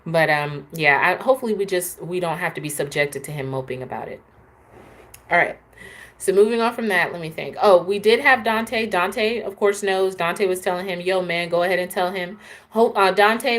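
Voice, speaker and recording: A woman hosting a casual, opinionated live chat, talking straight to her viewers. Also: on the low side. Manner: chatty, opinionated, answers viewers. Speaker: host.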